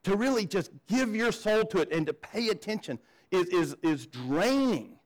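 A man's voice: high-pitched, very animated, moderate pace, poor audio. A man preaching a sermon as pastor, conversational, often repeating words as he starts a sentence and asking the congregation questions. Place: church.

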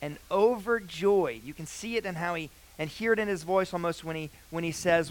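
A young man preaching a sermon, earnest, with loud emphatic phrases that drop to quiet, hushed lines. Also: high voice, fairly quick, few pauses, low-quality recording.

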